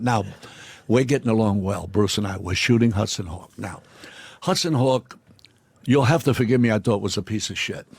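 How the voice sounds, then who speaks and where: Gravelly, husky man telling blunt stories. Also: fairly low pitch, fairly quick, a little mellow, no room sound. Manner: profane, blunt, acts out dialogue. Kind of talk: animated anecdotal storytelling.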